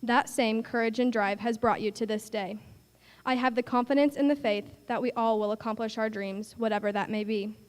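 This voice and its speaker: A young woman delivers an earnest graduation speech to her classmates, her voice sitting a little high. The sound carries the long ringing echo of a big school gym. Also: fairly even intonation, normal speed, clean tone. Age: young adult. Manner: earnest, read from a prepared speech. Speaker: graduating student speaker.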